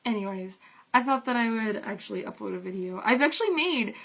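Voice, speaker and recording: A young woman talks straight to her viewers in a loose, casual rant. Her voice carries a gravelly fry, and her talk is full of "like" and the odd swear word. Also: mid-range voice, lively intonation, a bit bright, rough recording. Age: young adult. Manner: heated, fast-talking, fillers of "like", swearing. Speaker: vlogger.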